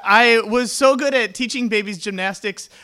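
A young man with a tenor voice performing a stand-up comedy set, telling stories deadpan and laughing at his own jokes. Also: very high voice, normal speed, a little hiss or hum.

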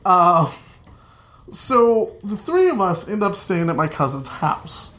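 A man telling a comic story to a live audience, lively and loose, swearing freely. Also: sits high, takes it slowly.

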